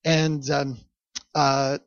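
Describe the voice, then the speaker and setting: A man's voice: a little high, flat delivery, drawn-out words, creaky, no echo. Male pastor, conversational storytelling sermon, dry close sound. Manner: conversational, chatty asides to the congregation. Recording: dull, dry recording.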